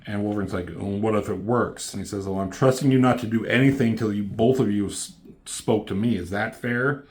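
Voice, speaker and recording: A man's voice: lowish voice, brisk, a little mellow. A man casually recapping and reviewing a comic book, loose and profane, reading out the characters' lines in a slightly raised voice.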